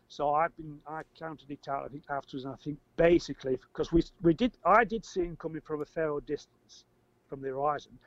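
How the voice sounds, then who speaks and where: An older man tells a story as an interview guest, rambling, repeating words and getting animated when he acts out shouting. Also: fairly high pitch, fairly quick. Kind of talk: casual storytelling. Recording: dry, slightly muffled audio.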